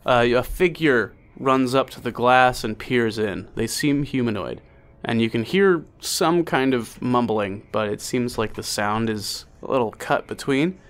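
A man's voice: mid-range voice, measured pace, fairly bright tone. Laid-back male game master. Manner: casual, loose narration with fillers and profanity. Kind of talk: narrating a tabletop game.

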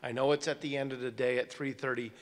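A man's voice: mid-range voice, level tone, fast talker. A man hosting a conference and introducing the next speaker, a bit hesitant. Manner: hesitant, with fillers and restarts. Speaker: conference host. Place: large conference hall. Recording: long hall reverb.

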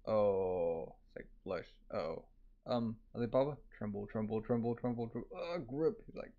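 A man's voice: mid-range voice, moderate pace, a little mellow. A man casually reading a comic aloud, voicing sound effects and filling with "like". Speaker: manga reader. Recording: dull lo-fi recording.

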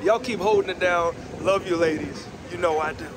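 A man's voice: high voice, normal speed. A man sending a playful, laid-back video message to the show's hosts from outdoors by the water. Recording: outdoor ambience, boat noise.

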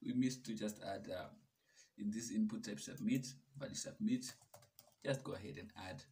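A man hosting a casual coding tutorial, chatty and relaxed, laughing at his own mistakes. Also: fairly low pitch, moderate pace, distant mic, slight background noise.

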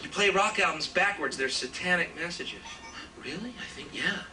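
A man's voice: high-pitched, expressive, moderate pace, over music. A man doing a stand-up set in a comedy club, ranting with a sarcastic, profane edge. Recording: distant live club recording, loud crowd. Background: audience laughter.

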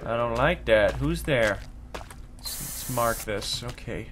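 A young man commenting on a horror game he plays in his room, easily startled and swearing, yelling at noises. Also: medium pitch, takes it slowly, very noisy. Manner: jumpy and profane, yelling at loud noises. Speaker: gaming let's play host. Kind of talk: let's play commentary. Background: game music.

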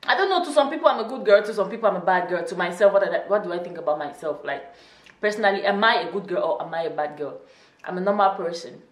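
A woman's voice: fairly low pitch, lively intonation, fast talker, far from the mic. A young woman chatting casually on her YouTube channel, laughing often and teasing her viewers. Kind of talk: casual vlog chat. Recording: echoey room, voice off-mic.

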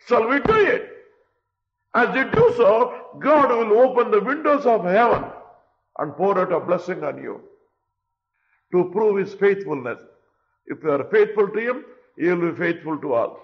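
Male preacher, fairly high-pitched, emphatic sermon delivery, muffled lo-fi audio. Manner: emphatic, rising to a raised voice. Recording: dull lo-fi recording.

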